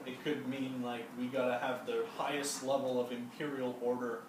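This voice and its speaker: A young man talks a small group through a reading in a loose, rambling way, full of fillers and restarts. He is picked up from some distance by the mic. The room rings with echo, and steady background noise sits under his voice. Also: mid-range voice, moderate pace, hardly any pauses. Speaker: discussion leader presenting to a study group. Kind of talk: casual classroom presentation.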